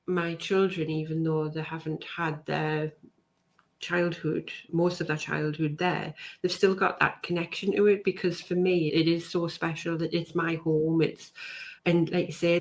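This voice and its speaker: Woman, lowish voice, chatty podcast host, rambling. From North East England. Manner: chatty, warm agreement, rambling. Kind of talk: casual podcast conversation.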